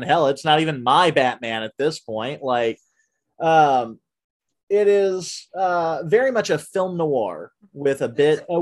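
A man hosting a casual podcast, reviewing a film with lots of fillers and restarts, and breaking into animated rants. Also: a little high. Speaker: podcast host. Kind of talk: casual movie review chat.

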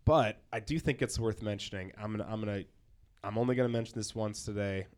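A man hosting a casual podcast chat, relaxed and blunt, moving through segments. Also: fairly low pitch, quick pace. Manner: relaxed, swears, runs the segments.

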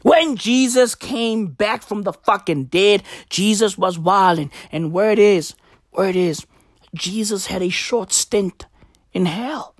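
Woman comic, profane rambling monologue with shouted bursts, dry close sound. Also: mid-range voice, slow pace, no room sound. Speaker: comedian.

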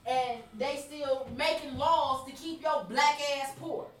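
A woman with a high voice rants about politics on a podcast in a blunt, heated way, cursing freely. Her voice sits back from the microphone in an echoey room. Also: slow, distant mic, slight background noise. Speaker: podcast co-host. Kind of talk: profane political rant.

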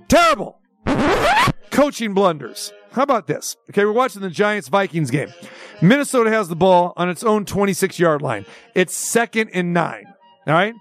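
A man's voice: high-pitched, fairly bright tone, no room sound. A man hosting a sports talk segment, ranting with incredulous rhetorical questions. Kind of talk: opinion rant segment.

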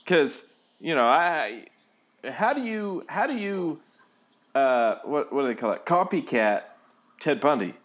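A man rambles through stories in a casual podcast chat, often restarting and chuckling. His voice sits a little high and swings up and down a lot. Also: sing-song, unhurried, fairly bright tone, lo-fi sound. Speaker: podcast co-host, father.

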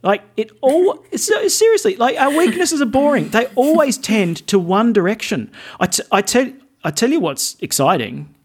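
A man's voice: extremely high pitch, big pitch swings, moderate pace, breathy edge. A man with an Australian accent, a Catholic priest speaking as a podcast guest in casual chat, earnest and witty, often repeating phrases for emphasis.

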